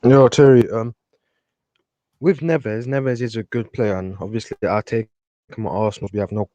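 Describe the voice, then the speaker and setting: A man calling in to a football show, giving his opinion quickly and earnestly, point by point. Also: mid-range voice, steady tone, mellow, no room sound. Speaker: caller, football fan. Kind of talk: casual call-in opinion.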